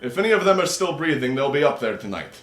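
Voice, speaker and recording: A man's voice: on the high side, sing-song, fast, a bit bright, pitched above the performer's own voice. A man voicing a cold, commanding half-human tigress woman who leads a party, speaking curtly. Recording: roomy echo.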